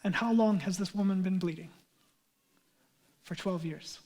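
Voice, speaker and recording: Pastor guy in his 30s preaching, chatty and earnest, kinda high voice. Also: a little slow, a little mellow. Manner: earnest, conversational preaching with casual asides. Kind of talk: sermon.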